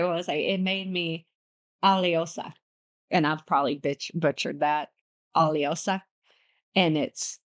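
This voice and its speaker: A woman hosting a podcast, reviewing a book in a bubbly, playful, chatty way with lots of asides. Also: on the low side. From United States. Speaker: podcast host. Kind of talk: casual book review chat.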